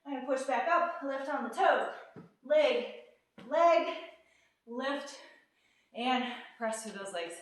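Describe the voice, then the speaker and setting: A woman's voice: high-pitched, expressive, slow pace, long pauses. A woman fitness instructor leading a workout, counting reps and cueing moves while out of breath and upbeat. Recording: echoey room, from a distance.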